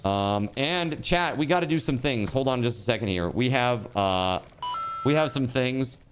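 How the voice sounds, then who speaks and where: A man livestreaming and reading out donations in casual chat. He swears, says dude a lot, and bursts into laughter and shouting. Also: mid-range voice, animated, a little slow. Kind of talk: live stream donation reading.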